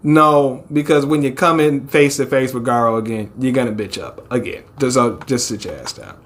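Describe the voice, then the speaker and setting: A young man casually reading a manga chapter aloud and reacting, laughing often, swearing, and pitching his voice way up for the characters. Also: moderate pace. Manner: animated, laughs often, swears, acts out characters in a high squeal.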